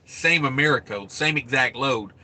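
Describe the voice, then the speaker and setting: Bright-voiced trucker chatting on a livestream. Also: male voice, mid-range voice, normal speed. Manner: rambling, thinks aloud, reads viewer names. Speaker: trucking channel host. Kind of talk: casual livestream chat.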